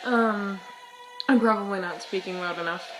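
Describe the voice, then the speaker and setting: A young woman vlogging about books in casual chat, hoarse and losing her voice, rambling with dramatic outbursts and giggles. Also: mid-range voice, moderate pace. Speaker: book vlogger. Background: soft music.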